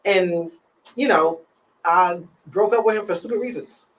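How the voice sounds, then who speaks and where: A woman's voice: on the low side, a little slow, rough recording. A woman hosting a podcast in casual chat, telling candid, reflective stories about her love life. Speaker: podcast host.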